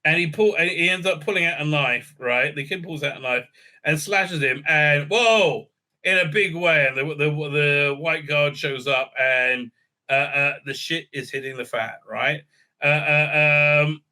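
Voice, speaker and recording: A man's voice: on the high side, a little slow, bright, forceful tone. A man hosting a casual TV episode recap, rambling and joking with many stammered fillers. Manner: rambling, full of stammered fillers and repeated "right?"; irreverent, joking. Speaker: show recap host.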